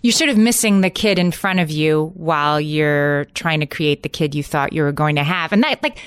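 A middle-aged woman co-hosting a podcast talks things through in a thoughtful, explanatory way. Her voice is slightly low. She is recorded dry and close on a studio mic. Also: moderate pace, clear, resonant tone, dry recording. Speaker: podcast co-host. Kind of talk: casual conversation.

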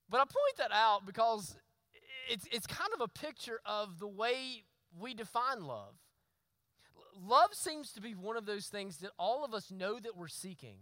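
Man, pastor, sermon storytelling, dry close sound, high voice. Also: measured pace, dry recording, poor audio. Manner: storytelling, animated with shouted asides.

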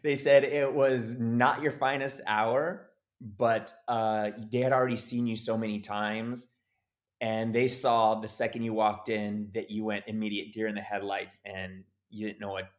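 A man telling a story in a casual interview, animated and acting out the voices of the people in it. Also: on the low side, moderate pace. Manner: animated, acts out quoted voices. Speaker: actor guest.

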